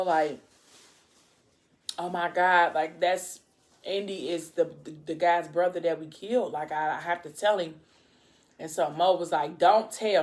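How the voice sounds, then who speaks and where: Low-voiced woman telling a story. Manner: retells a story with quoted voices, many fillers. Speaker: vlogger. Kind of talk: casual storytime while eating.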